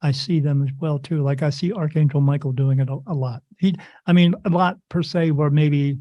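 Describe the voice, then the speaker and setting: A man with a slightly high voice tells stories in a loose, rambling way, breaking off and restarting his sentences as he goes. He brings the stories to life by acting out what each person says. The sound is dull and lo-fi, recorded close in a dead, dry space. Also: a little fast, no room sound. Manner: animated storyteller who acts out the voices of others in his stories. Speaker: podcast guest, spirit medium. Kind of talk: casual interview chat.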